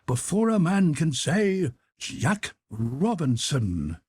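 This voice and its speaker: A man voicing a jovial, portly old employer in an audiobook, calling out loudly in a rich, hearty, raised voice. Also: huge pitch swings, takes it slowly, slightly rough, full character voice. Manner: loud, booming calls.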